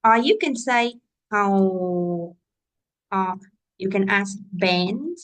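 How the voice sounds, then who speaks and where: A woman's voice: medium pitch, expressive, drawn-out words. A woman English teacher walking young learners through a workbook, patiently naming each step and punctuation mark.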